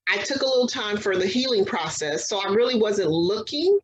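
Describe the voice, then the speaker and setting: A woman's voice: mid-range voice, animated, a little fast, rough recording. A woman guest in an interview, telling her personal story earnestly in casual conversation. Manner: earnest storytelling, acts out quoted exchanges.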